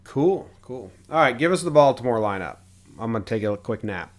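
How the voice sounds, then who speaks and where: A man's voice: mid-range voice, animated, brisk. A man hosting a casual baseball podcast, reading chat questions and stats with dry jokes. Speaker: host.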